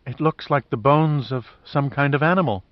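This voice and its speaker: A man's voice: mid-range voice, moderate pace, no echo, lightly acted. A man reading the lines of an emotional, teasing older wife, voiced lightly and close to his own voice, on a dull dry recording. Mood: puzzled.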